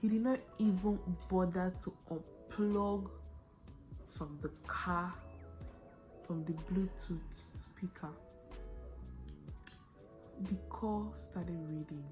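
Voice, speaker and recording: A young Nigerian woman telling a story on her vlog, animated and dramatic, with quick shifts of pace. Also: fairly low pitch, faint music behind. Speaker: vlogger.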